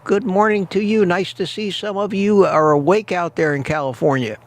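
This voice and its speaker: Gravelly-voiced man hosting a casual livestream. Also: high-pitched, normal speed. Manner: greets viewers by name, repeats phrases. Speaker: livestream host. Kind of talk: casual morning livestream chat. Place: outdoors in cold weather.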